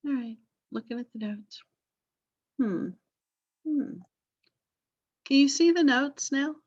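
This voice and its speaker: A woman's voice: high-pitched, expressive, slow, a little mellow, muffled recording. A middle-aged woman history teacher giving an online class lecture over a video call, chatty and informal with asides and fillers.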